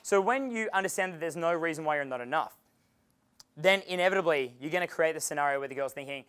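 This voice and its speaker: High-voiced Australian man giving a seminar. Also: fast, clear, resonant tone. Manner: animated, acts out dialogues, swears freely. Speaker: dating coach giving a seminar. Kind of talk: live seminar talk. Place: seminar room with an audience.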